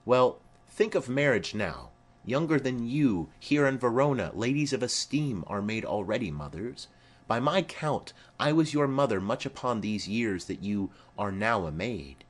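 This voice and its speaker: Brief: man playing a formal noble mother in an audiobook play, slow, low and lively. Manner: formal, measured.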